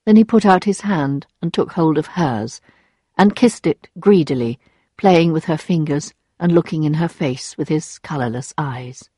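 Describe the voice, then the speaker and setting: A woman narrating an audiobook in a steady, measured storytelling voice. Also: deep voice, slightly rough, dry recording, studio quality.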